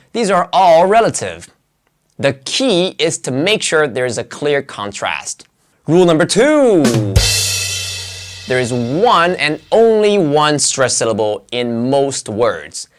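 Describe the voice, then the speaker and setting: An English pronunciation teacher giving a scripted lesson narration, with clear, emphatic delivery and dramatic pitch swings.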